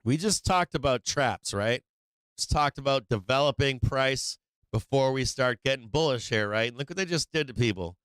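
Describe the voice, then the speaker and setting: A man hosting a live trading stream, talking casually and excitedly, swearing freely and laughing often. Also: mid-range voice, moderate pace, clear, resonant tone, no room sound. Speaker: livestream trading host. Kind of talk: casual livestream chat.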